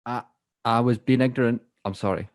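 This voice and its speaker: Young guy cohosting over zoom, middle pitch, kinda halting, jokes a lot. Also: steady tone, no echo, studio quality. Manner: apologetic, joking, halting. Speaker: podcast co-host. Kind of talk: casual chat. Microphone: video call.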